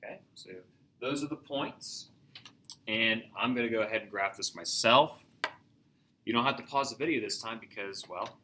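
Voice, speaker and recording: A man's voice: on the low side, normal speed, pushed and bright, slight background noise. A man teaching a recorded math lesson, upbeat and joking, talking straight to his viewers as he works through examples.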